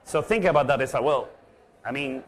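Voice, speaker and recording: A man's voice: medium pitch, brisk, slight background noise. Man guest-hosting a coffee chat. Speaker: coffee farmer, guest host. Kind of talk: casual chat.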